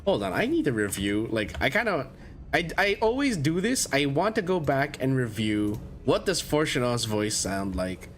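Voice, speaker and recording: A man's voice: mid-range voice, very animated, moderate pace. A young man streaming a video game, chatting casually and rambling with frequent self-corrections. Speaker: VTuber streamer. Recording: faint game music behind.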